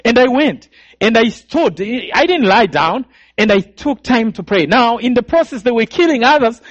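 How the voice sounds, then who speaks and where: A man's voice: very high voice, lively intonation, normal speed. A man preaching a sermon testimony, telling his story with emotion and repeated phrases. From Rwanda. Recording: dull, dry sound.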